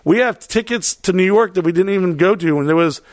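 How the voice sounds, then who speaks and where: A man's voice: sits high, a little fast, dry recording, studio quality. Profane, rambling man telling a story. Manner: profane, rambling, animated retelling with quoted voices. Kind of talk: casual storytelling chat.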